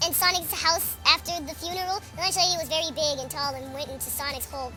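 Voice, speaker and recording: Brief: high-voiced young reader, sarcastic read-aloud of a fan story, music playing underneath. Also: steady tone, fast talker. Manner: sarcastic, laughs at the text, exasperated asides. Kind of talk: mocking read-aloud with commentary. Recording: background music.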